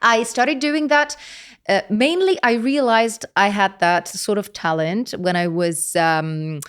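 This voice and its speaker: A woman's voice: mid-range voice, slow, smooth. A young adult woman from Rome with an Italian accent, chatting expressively as an interview guest with frequent hesitations. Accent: Italian, Roman. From Rome, Italy. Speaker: polyglot content creator guest. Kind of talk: casual interview chat.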